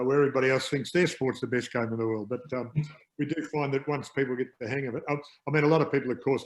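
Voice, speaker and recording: A man's voice: medium pitch, low-quality recording. An Australian man, a guest and former pro footballer, chatting on a video call in an upbeat, rambling way with many fillers. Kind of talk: casual chat on a video call.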